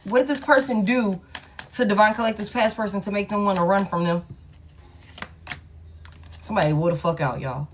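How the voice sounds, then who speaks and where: A woman's voice: medium pitch, fairly quick, pauses often, slight background noise. A woman doing a casual tarot reading. She talks bluntly, swears freely and repeats her lines. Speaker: tarot reader.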